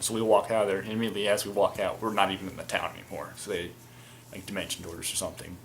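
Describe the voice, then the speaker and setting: A man's voice: lowish voice, flat delivery, fast talker, slight background noise. A young man casually recounting a tabletop game, rambling with lots of fillers and crude slang. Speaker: storyteller, fan video maker.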